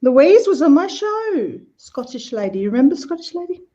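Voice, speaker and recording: A woman's voice: sits high, very animated, normal speed, warm tone. A woman guest chatting in a bubbly, laughing way on a live video call. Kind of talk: casual live-stream chat. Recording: dull lo-fi video call audio.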